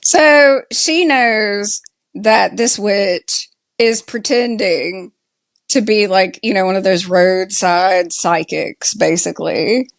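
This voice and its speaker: A woman's voice: medium pitch, vocal fry, no echo. A woman with a Southern US accent, co-hosting a casual podcast recap of a TV show and talking with many "like" fillers. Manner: slow, chatty, lots of "like" fillers. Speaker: podcast co-host.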